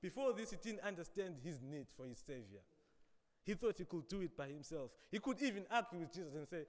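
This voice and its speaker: A man preaching a sermon, dramatic, swinging between loud emphasis and quiet asides. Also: high-pitched, animated, a little fast, big-room sound.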